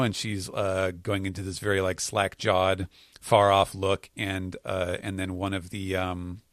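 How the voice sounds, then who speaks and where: A man chats on a podcast in a fairly low voice, pausing often and restarting his sentences as he explains. The sound is dry and close, with no room around it. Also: monotone, no room sound. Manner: hesitant, many fillers and restarts while explaining. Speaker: podcast host. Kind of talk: casual chat recapping comics.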